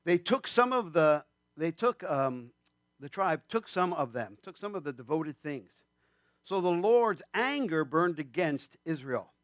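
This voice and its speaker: A man's voice: fairly high pitch, big pitch swings, a little slow, no room sound. A man preaching a sermon in a church, conversational and rambling, with many fillers and asides. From New York State. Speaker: pastor.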